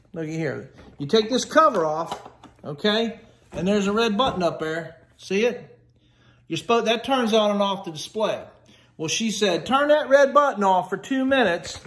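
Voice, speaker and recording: A talkative man with a notably high voice gives a chatty, grumbling home how-to walkthrough. He holds his phone camera as he talks. The sound rings around a hard, echoey kitchen. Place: indoors by a kitchen refrigerator. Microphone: handheld phone camera. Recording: echoey room.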